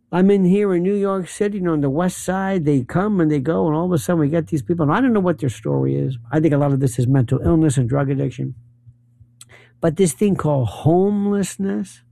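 A man rants in a sarcastic, disbelieving monologue, his voice gravelly and mellow. His pitch swings widely as he mocks and questions. The sound is dry and close. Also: dry recording. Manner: sarcastic, incredulous. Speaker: political commentator. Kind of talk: ranting monologue. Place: New York City.

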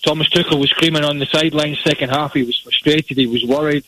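A man's voice: fairly high pitch, steady tone, quick pace, sharp tone, dry recording, low-quality recording. A man giving blunt, opinionated soccer analysis on sports radio.

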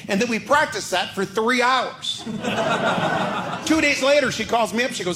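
A man telling a stand-up story quickly, with exasperated energy. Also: extremely high pitch, noisy background. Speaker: stand-up comedian. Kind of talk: stand-up comedy set.

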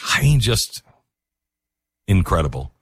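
A man hosting a talk show, talking in a rambling, emotional, halting way. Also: sits low, big pitch swings, husky, no echo, studio quality. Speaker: radio talk show host. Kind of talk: casual talk show monologue.

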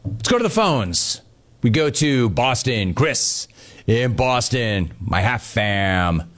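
A man's voice: medium pitch, big pitch swings, slow, fairly bright tone. A man hosting sports talk radio, riffing sarcastically and telling stories to his listeners.

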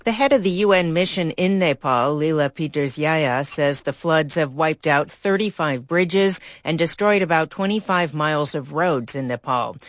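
Reporter with a dry, mid-pitched voice. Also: moderate pace, hardly any pauses, dry recording. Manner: steady, scripted reporting. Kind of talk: news report.

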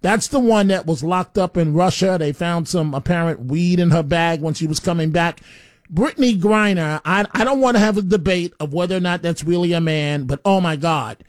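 A man's voice: fairly high pitch, normal speed, no room sound, studio quality. A man hosting a call-in radio show, talking in a blunt, rambling way and often stammering on repeated words. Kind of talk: opinionated talk radio monologue. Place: radio studio.

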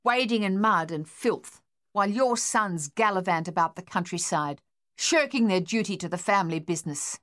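A woman voicing a harsh, furious, domineering older husband who shouts and blusters, in an audiobook. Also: high-pitched, moderate pace, hardly any pauses.

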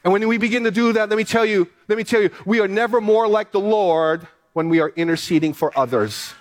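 Male pastor, high voice, sermon, reads scripture, repeats key lines for emphasis. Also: fairly quick. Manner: reads scripture aloud, then preaches with emphatic repetition.

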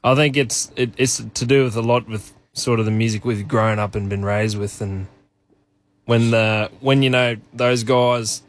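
A young Australian man who works as a singer, chatting casually and in a relaxed way as a guest on a radio show. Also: mid-range voice, a little slow. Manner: relaxed, laid-back, hesitant fillers. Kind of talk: casual interview chat.

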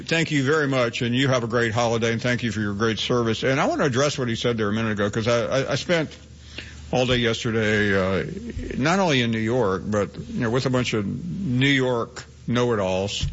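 Brisk male radio talk host. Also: medium pitch, fairly bright tone. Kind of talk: radio talk show hosting. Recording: dull lo-fi audio.

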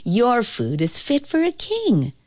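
A woman voicing a spoiled, childish king who shouts and bosses everyone in a storybook read-aloud. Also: huge pitch swings, slow, no room sound, studio quality, full character voice. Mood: delighted. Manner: high, indignant and shrill.

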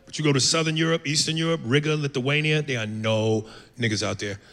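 A man's voice: mid-range voice, brisk, fairly bright tone. A man doing a brash, profane stand-up set in a comedy club, acting out voices. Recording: live club mic with echo and noise.

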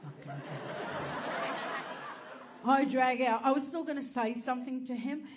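A woman's voice: sits high, steady tone, brisk, a crowd in the background, noisy background. A woman doing stand-up, telling a story animatedly, swearing and laughing through it. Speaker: stand-up comedian.

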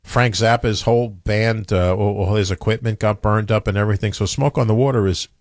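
A man's voice: lowish voice, steady tone, fairly quick, darkish tone, dry recording, studio quality. A man co-hosting a casual chat, opinionated and rambling, often stammering and restarting.

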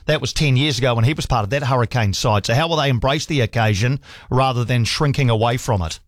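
Chatty New radio host, dry studio. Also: male voice, medium pitch, fast talker, dry recording. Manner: chatty, laughs with callers. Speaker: radio sports talk host. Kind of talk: sports radio talkback.

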